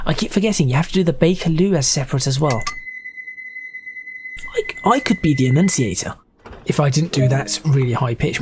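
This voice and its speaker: A man's voice: on the high side, lively intonation, a little fast. A man giving casual, stop-start gameplay commentary as a video host. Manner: chatty, stop-start, self-correcting. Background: train sim game noise.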